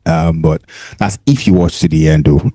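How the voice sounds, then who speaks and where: A man's voice: extremely low pitch, moderate pace, dark tone, no echo. A Nigerian man hosting a casual talk to camera on a handheld mic, chatty and laughing often, repeating points for emphasis. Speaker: host.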